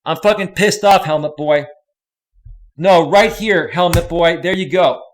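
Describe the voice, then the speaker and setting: A man's voice: fairly high pitch, measured pace. A man hosting a live stream, swearing constantly and talking straight to his chat viewers. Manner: speaks directly to chat viewers by name. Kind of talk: angry live stream rant.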